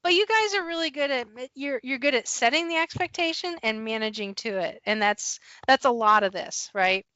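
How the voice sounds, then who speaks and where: A middle-aged woman hosting a podcast as an HR professional, telling a workplace story in casual chat, animated and laughing often. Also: high-pitched, normal speed, few pauses, no room sound. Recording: dull, dry, slightly lo-fi podcast audio.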